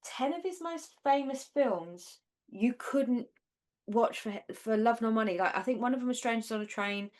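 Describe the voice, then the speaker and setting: A woman's voice: fairly high pitch, normal speed, darkish tone. Woman co-host, northern English, loose rambling chat about old films. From Northern England. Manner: rambling, conversational, many fillers. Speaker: podcast co-host. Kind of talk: casual chat.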